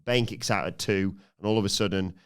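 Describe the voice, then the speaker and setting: A man co-hosting a podcast, briskly recounting a wrestling match blow by blow with frequent fillers. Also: low voice, fairly even intonation, a bit bright, smooth. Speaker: podcast co-host.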